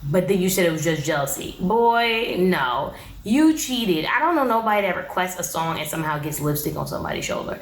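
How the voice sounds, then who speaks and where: A woman's voice: on the low side, expressive, a little fast, roomy sound, rough recording. A woman giving a casual, blunt, sassy recap of a reality show, talking straight to her viewers.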